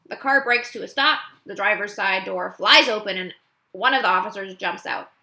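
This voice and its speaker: A woman's voice: mid-range voice, moderate pace. A woman reading a children's novel aloud, narrating expressively. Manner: expressive, animated. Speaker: audiobook reader.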